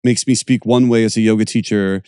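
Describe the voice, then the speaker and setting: A man's voice: on the low side, fairly even intonation, brisk, mellow, smooth, dry recording, clean studio sound. A man hosting a podcast, talking casually, searching for words and laughing often. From Pittsburgh area, USA. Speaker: podcast host and yoga teacher.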